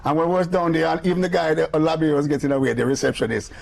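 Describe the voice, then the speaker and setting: An older music producer with a Jamaican accent, telling animated anecdotes in an interview and acting out the voices of the people in them. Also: male voice, fairly high pitch, rapid-fire, vocal fry. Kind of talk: storytelling interview.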